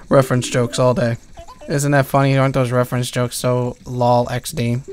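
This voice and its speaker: A man's voice: mid-range voice, moderate pace, fairly bright tone, slight background noise. A man giving rambling, sarcastic gameplay commentary, swearing freely at his viewers. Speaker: let's play commentator.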